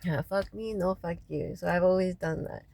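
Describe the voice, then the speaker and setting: A woman, crying as she vents in a raw, profane personal rant, her voice often sinking low and quiet. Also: fairly even intonation, normal speed, gravelly, poor audio. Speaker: local resident venting after a city meeting. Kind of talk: emotional personal vlog rant.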